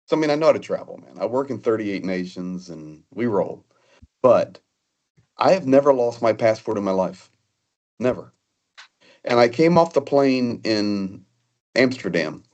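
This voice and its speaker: Earnest, halting low-voiced man. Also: darkish tone. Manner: earnest, halting with frequent restarts. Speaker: guest telling personal stories. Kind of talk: casual conversational storytelling.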